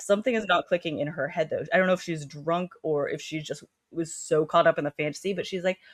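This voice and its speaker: A woman's voice: fairly low pitch, no room sound, clean studio sound. A woman co-hosting a casual book club podcast, animatedly retelling scenes and acting out the characters' quotes. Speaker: podcast co-host.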